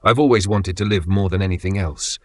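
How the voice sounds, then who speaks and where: Man voicing a desperate selfish young man, shaky, low voice, dry sound. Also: fairly even intonation, a little fast, no room sound. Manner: tense, shaky.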